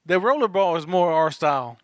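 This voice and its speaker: A joking man trading banter as a film podcast co-host. His voice sits somewhat high, and the recording is dry and close. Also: animated, a little fast, no echo. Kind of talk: casual movie review chat.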